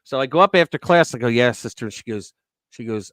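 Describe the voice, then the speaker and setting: A man's voice: medium pitch, animated, quick pace, a bit bright, no echo. A middle-aged man hosting a casual talk show, rambling through stories and acting out the people in them. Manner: rambling storyteller, acts out quotes. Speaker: podcast host.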